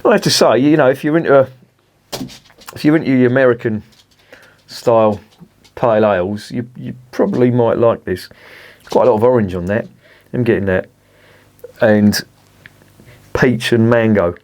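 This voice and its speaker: A man's voice: mid-range voice, moderate pace, pauses often, a little mellow. A man reviewing a beer in a casual vlog, blunt and grumbling, swearing freely.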